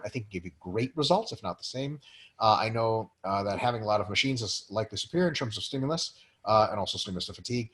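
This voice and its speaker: A man co-hosting a casual talk webinar, excitable and profane as he chats and answers listener questions. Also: medium pitch. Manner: profane, excitable, lots of swearing. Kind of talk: casual chat.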